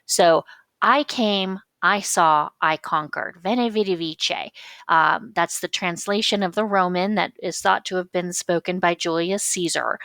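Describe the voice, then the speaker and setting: A woman teacher explaining figures of speech patiently, reading quotations slowly and with emphasis. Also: on the low side, gravelly, bright, forceful tone, no echo. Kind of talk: recorded lecture on figures of speech.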